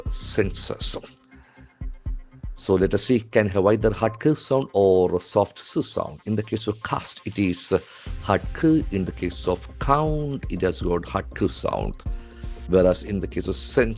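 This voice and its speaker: A man gives a patient vocabulary lesson in a somewhat low voice. He talks deliberately and spells each key word out letter by letter. Faint music plays underneath. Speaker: English language trainer.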